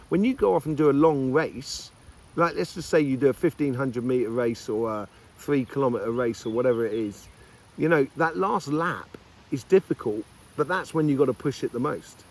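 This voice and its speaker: Guy doing a chatty tarot reading, pretty gravelly voice, keeps cheering you on, lots of ums. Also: mid-range voice, darkish tone. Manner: upbeat and encouraging, rambling with many fillers. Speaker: tarot reader. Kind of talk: casual weekly tarot reading.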